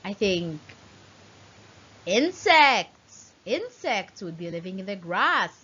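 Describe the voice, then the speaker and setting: A woman teaching young children, her voice swooping widely up and down in a sing-song way with playful animal sounds. She speaks slowly, with a slightly husky, breathy tone. The recording is a bit dull and lo-fi. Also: mid-range voice, big pitch swings, pushed and bright. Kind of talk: children's lesson.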